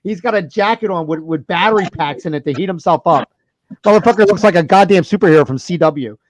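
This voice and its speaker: A man hosting a podcast, telling animated party stories in casual banter, swearing and laughing often. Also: high-pitched, fast talker, dry recording. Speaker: podcast host.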